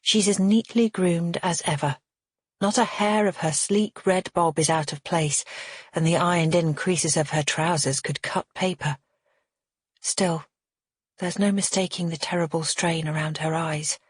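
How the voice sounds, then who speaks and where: A woman reading a first-person thriller audiobook in a measured, steady way. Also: on the low side, slightly rough, no echo, studio quality. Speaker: audiobook narrator.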